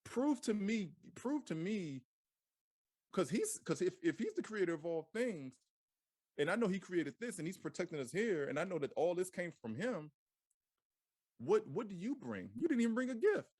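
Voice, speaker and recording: A man gives a loose, slang-laced scripture lesson in a high, lively voice that swoops up and down. He keeps repeating himself and throwing out questions. The sound is close and dry. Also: normal speed, no echo. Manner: animated, repeats phrases, asks rhetorical questions; casual slang-laced delivery. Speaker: Bible teacher. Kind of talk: informal scripture teaching.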